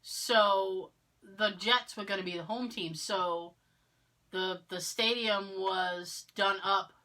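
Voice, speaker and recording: Speaking slowly in a mid-range voice, this podcast co-host tells stories with animation, performing other people's lines as she goes. She's a woman from Massachusetts, near Cape Cod, and the conversation is casual.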